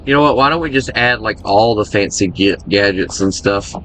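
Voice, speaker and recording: Chatty, bright-voiced American man gaming. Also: lowish voice, normal speed, a little hiss or hum. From United States. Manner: chatty, joking, rambling. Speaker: gaming streamer. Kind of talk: casual gameplay commentary.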